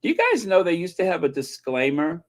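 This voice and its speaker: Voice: mid-range voice, huge pitch swings, brisk. A channel host chatting casually, opinionated and breaking into snatches of old TV theme songs. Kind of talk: casual chat.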